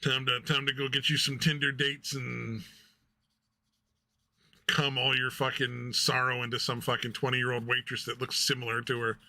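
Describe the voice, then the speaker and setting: A man with a strikingly bright, edged voice rattles through a crude podcast conversation. He swears constantly, laughs often and slips into the voices of the people in his stories. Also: medium pitch, little pitch movement, normal speed. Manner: profane, laughing, acts out quoted people. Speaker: podcast co-host. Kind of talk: crude casual chat.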